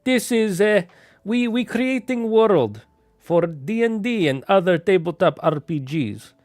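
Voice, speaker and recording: A man's voice: high voice, lively intonation, unhurried, a little mellow, dry recording, voice pushed up. A man doing a playful, exaggerated mock-Italian voice while greeting chat. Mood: hammy.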